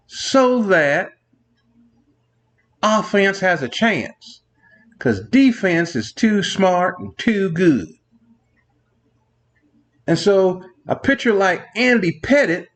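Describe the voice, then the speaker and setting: A man hosting a sports show, ranting in a rambling monologue full of digressions, exasperated with new rules. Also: high voice. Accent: New York. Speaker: sports radio host.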